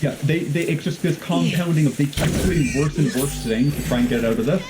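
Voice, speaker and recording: A man's voice: a little high, brisk, very noisy. A man co-hosting a reaction stream as a historian, retelling a legend in casual, rambling chat full of fillers and restarts.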